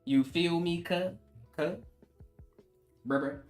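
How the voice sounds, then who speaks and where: A man's voice: fairly high pitch, slow pace, a little mellow, faint music behind. A man streaming casually while he draws, joking with his chat in slangy banter and laughing often.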